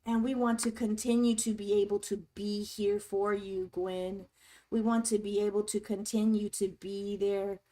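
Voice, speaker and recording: A woman's voice: medium pitch, flat delivery, moderate pace, mellow. A woman hosting a casual livestream chat, reading viewers' comments aloud and speaking to them in a supportive, encouraging way. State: tearing up. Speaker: livestream host.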